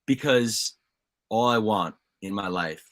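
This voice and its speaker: A man's voice: on the low side, slow, fairly bright tone, no room sound, clean studio sound. A young man co-hosting a casual sports chat, passionate and pleading as a fan. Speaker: podcast co-host.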